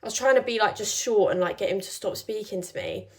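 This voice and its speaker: Young woman rambling thru a story, says like a lot, mid pitch. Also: fast. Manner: chatty, many "like"s, acts out quoted lines. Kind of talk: casual storytelling.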